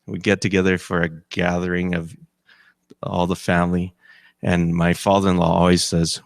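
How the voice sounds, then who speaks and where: A man's voice: low voice, level tone, normal speed, creaky, no room sound, studio quality. A man preaching as a campus chaplain, talking with the congregation and asking them questions. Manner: conversational, asks the congregation questions; acts out quoted voices. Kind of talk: sermon.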